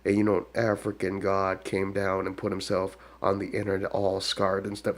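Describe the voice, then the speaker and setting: A man's voice: low-pitched, level tone, normal speed, hardly any pauses. A man in a rambling, repetitive monologue, taunting and tacking "duh" onto his lines. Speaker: self-proclaimed shaman.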